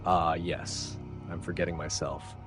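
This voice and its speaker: Audiobook lead: a flustered, insistent clerk, played by a deep-voiced male reader, soft music beneath. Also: flat delivery, measured pace. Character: earnest, bewildered arrested bank clerk, a man.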